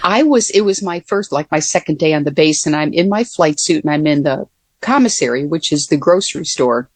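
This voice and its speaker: A woman's voice: sits low, lively intonation, brisk, a little mellow, dry recording. An older woman, a former Air Force pilot, telling stories in a casual interview with many fillers and restarts.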